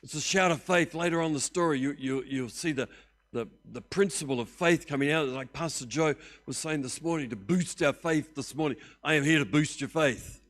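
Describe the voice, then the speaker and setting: An older Australian man preaching a sermon as pastor, animated and joking in a conversational way. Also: a little high, brisk.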